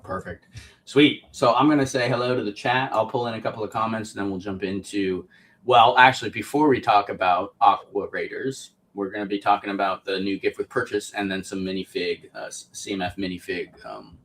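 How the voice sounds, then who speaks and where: A man's voice: fairly low pitch, fairly even intonation, fairly quick, fairly bright tone. A man hosting a casual livestream show, chatting easily and reading out viewer comments with frequent ums. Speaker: podcast host.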